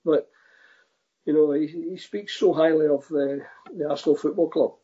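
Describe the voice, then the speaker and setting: An older man with a Scottish accent, a guest telling football stories in a relaxed, easygoing way, on a dull lo-fi line. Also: a little high, normal speed, breathy edge. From Scotland. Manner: relaxed storytelling, says "aye". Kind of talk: casual interview over a remote line.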